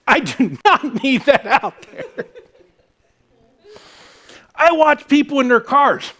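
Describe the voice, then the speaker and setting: A man's voice: extremely high pitch, big pitch swings, slow, a bit bright. A middle-aged man preaching a sermon as pastor, mixing self-mocking jokes with praise.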